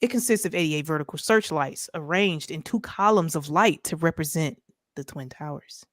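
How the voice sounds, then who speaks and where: This woman speaks in a low voice at a normal speed as she co-hosts a casual, ranting podcast commentary over a video call. She's emphatic, restating her points and repeatedly asking a rhetorical "right?" Audio is clean studio sound with no room sound.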